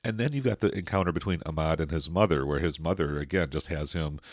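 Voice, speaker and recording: Very deep-voiced man, dry sound. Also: fast talker, no room sound. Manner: relaxed, retelling with many fillers. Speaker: podcast co-host. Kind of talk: casual film discussion.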